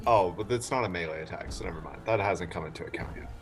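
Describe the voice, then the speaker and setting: A man's voice: sits low, quick pace, a little hiss or hum. A man playing a tabletop game, chatting and joking with the table. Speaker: player. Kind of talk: casual tabletop game chat.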